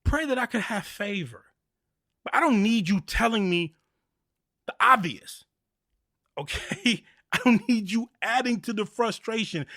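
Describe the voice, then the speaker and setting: A man hosting a motivational faith talk podcast, talking in an animated, preachy way and repeating key phrases. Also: very high-pitched, no room sound, studio quality. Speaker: podcast host.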